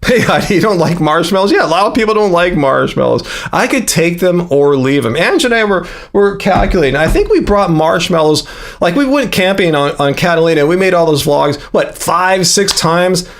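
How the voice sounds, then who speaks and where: A man's voice: sits high, lively intonation, moderate pace. A man in his fifties hosting a casual livestream, rambling and chatty with frequent fillers. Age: 50s. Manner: rambling, many fillers and restarts. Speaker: livestream host.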